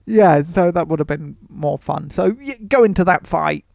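A podcast host rambles through a film review, often laughing and restarting his sentences. His voice sits a little high with a gravelly fry. The mic is close and dry. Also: normal speed, darkish tone, dry recording. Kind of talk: casual film-review chat.

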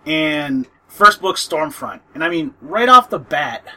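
A man with a slightly raised, very bright voice that sounds husky. He rambles in casual podcast chat, drifting from point to point and circling back. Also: fairly high pitch, sing-song, measured pace. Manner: rambling, loses his train of thought. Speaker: podcast co-host. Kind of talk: casual chat about books.

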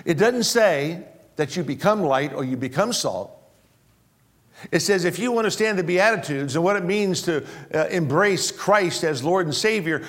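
A male pastor preaching a sermon, repeating key phrases and swinging between loud emphasis and low, slow drops. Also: lively intonation.

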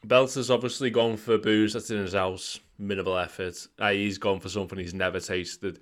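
Bright-voiced, indignant man. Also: lowish voice, steady tone, moderate pace. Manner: loud, indignant, sweary. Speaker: podcast co-host. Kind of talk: casual banter.

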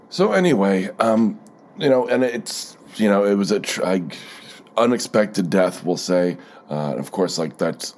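A man's voice: sits low, darkish tone, husky. Rambling, sardonic male podcast host. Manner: rambling, profane, sardonic storytelling with many fillers. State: stuffy, keeps blowing his nose. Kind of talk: solo podcast monologue.

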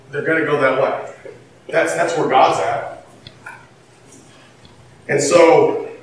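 A man with a high voice delivers an animated sermon. He drops low, then rises to a shout, with a laugh here and there. He is heard from a distance in a very echoey hall with faint noise behind. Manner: animated, swings from quiet to shouting, laughs between lines. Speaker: pastor.

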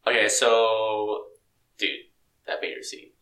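A young man chatting casually about a film, excitable and full of fillers, laughing often. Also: fairly low pitch, slow pace, reverberant, far from the mic, rough recording.

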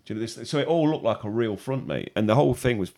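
Male podcast co-host, rambling and sweary, lively pitch. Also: quick pace, gravelly. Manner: sweary, rambling, laughs often. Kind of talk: casual chat.

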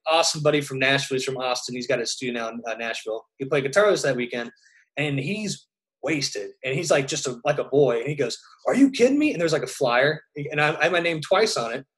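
A young man talking casually about life on tour. He rambles through his stories, restarting sentences and trailing off, with an even, mid-range voice. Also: mid-range voice, quick pace, low-quality recording. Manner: rambling storyteller, loose and animated, many restarts. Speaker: touring musician, podcast co-host. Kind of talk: casual chat.

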